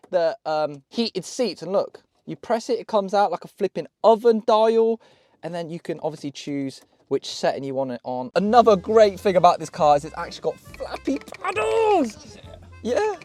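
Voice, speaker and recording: Excitable British lad with a lively high voice. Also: male voice, dry recording. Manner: excitable, swearing, laughing, jokey. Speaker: car vlogger. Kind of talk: casual car walkaround vlog.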